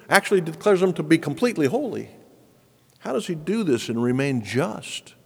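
A man's voice: high-pitched, husky. A man preaching a sermon with an emphatic, rising and falling cadence, explaining scripture to a congregation. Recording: long reverb of a large hall.

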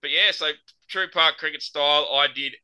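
A man's voice: a little high, moderate pace, bright, forceful tone, smooth, low-quality recording. A young Australian man on a podcast, telling a rambling story full of swearing. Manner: swears freely, rambling anecdotal delivery. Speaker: podcast host. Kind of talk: casual storytelling chat.

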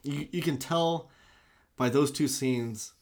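A man's voice: medium pitch, takes it slowly. A man co-hosting a casual podcast, enthusiastically discussing a film and acting out its scenes. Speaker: podcast co-host.

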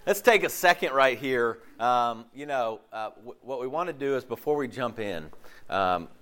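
Hoarse pastor guy, voice gone deep, rambling sermon full of ums and restarts. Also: animated, moderate pace, fairly bright tone. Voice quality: deeper than usual. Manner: rambling, chatty, many fillers and restarts. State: hoarse from a lost voice. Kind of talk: casual sermon. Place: church service before a congregation.

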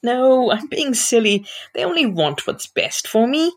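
A woman's voice: on the high side, big pitch swings, a little slow, pitched above the performer's own voice, full character voice. A woman voicing a sheltered, earnest young lady of genteel society as she reads aloud from a historical novel. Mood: confiding.

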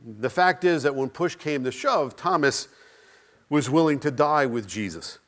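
A man preaching an Easter sermon, emphatic, with dramatic pauses and swings between loud and soft. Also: medium pitch, lively intonation. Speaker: pastor.

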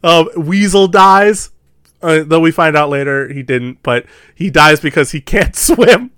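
An animated man in casual podcast chat, talking quickly in a mid-range voice and laughing often. The sound is close and dry. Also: on the high side, clear, resonant tone, no room sound. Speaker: podcast co-host. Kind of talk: casual movie discussion.

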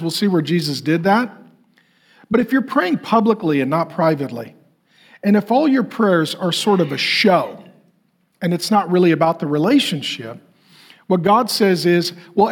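Man, pastor, sermon, high voice, husky, swinging pitch, playful. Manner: animated, jokey, acts out voices.

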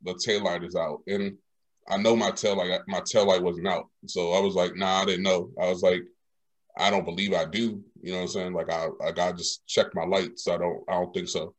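A young man telling a story in casual chat, animated and slangy, acting out the lines of the people in it. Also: low-pitched, fairly quick.

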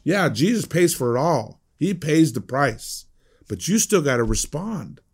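A man's voice: fairly high pitch, big pitch swings, a little slow, slightly rough. A man preaching a conversational sermon as a pastor, emphatic and prone to repeating words.

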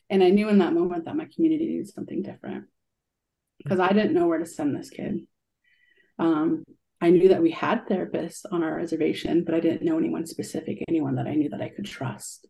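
A woman's voice: fairly low pitch, fairly even intonation, fairly quick, creaky, dark tone. A young adult woman, an art therapist, telling a heartfelt story in a radio interview, with many ums and likes.

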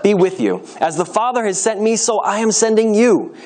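A man reading aloud and voicing Jesus as a calm, gentle teacher, speaking earnestly with lifted emphasis. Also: sits high, normal speed, voice pushed up.

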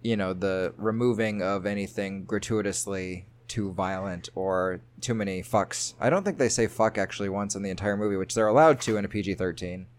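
A man's voice: lowish voice, a little fast, few pauses. A man co-hosting a podcast in casual chat, jokey and loose, laughing often. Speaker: podcast co-host.

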